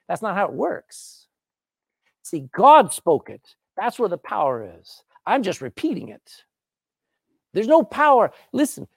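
A man preaches with animated, emphatic delivery, moving between scripture reading and explanation. His pitch swoops widely. He clears his throat often, and the recording is dry and close. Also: no echo. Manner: animated, emphatic, reads old-style scripture then explains.

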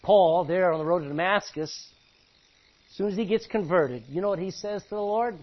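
A man preaching a sermon, acting out Bible characters and swinging between hushed and loud delivery. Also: sits high, moderate pace, highs cut off. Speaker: pastor.

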